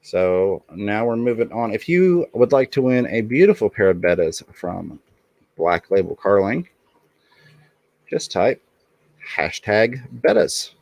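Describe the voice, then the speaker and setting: A man's voice: fairly low pitch, big pitch swings, measured pace, vocal fry, darkish tone, dry recording. A man hosting a casual livestream in an upbeat way, reading the chat aloud and thanking viewers. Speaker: livestream host.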